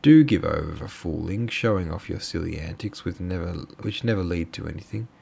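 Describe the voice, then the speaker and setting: A man's voice: sits low, animated, normal speed, vocal fry, a little mellow, slight background noise, full character voice. A man voicing a scornful young woman who scolds sharply. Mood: scolding.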